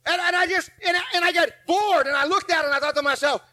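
Forties male pastor, high and bright, acts out his stories between loud bursts and quiet asides. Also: fast, few pauses. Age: 40s. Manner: animated storytelling, acting out scenes, swinging from shouts to low asides. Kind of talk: sermon.

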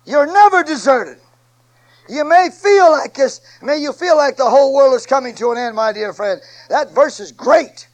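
A man preaching a sermon, swinging from quiet asides to shouted, repeated phrases. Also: extremely high pitch, rough recording.

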